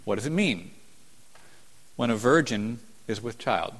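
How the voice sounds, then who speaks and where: A man preaching a sermon as a pastor, earnest, rising to emphatic peaks and falling to hushed tones. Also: mid-range voice, expressive, a little slow. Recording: long hall reverb.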